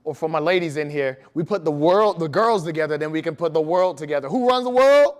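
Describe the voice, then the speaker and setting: A man giving an energetic motivational talk to school staff in a large room, telling stories and asking the audience questions. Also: a little high, fast. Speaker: motivational speaker.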